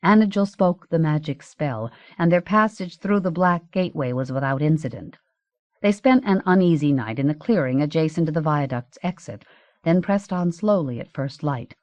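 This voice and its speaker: A woman narrating an audiobook in a measured, even reading. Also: deep voice, no echo.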